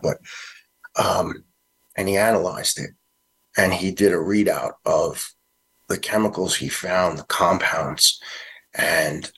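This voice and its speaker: A middle-aged retired fire lieutenant with a New York accent, answering an interview question in a halting, earnest way with many restarts. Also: male voice, sits low, fairly bright tone, a little hiss or hum. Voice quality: gravelly, husky. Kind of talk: interview answer, personal account.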